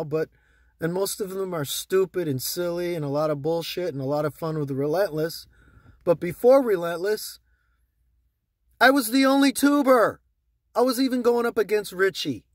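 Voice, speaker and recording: A man's voice: high voice, no room sound, studio quality. A man ranting angrily at his viewers about the stock market, swearing often and repeating himself. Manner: heated, profane, repetitive ranting. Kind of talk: angry ranting vlog to viewers.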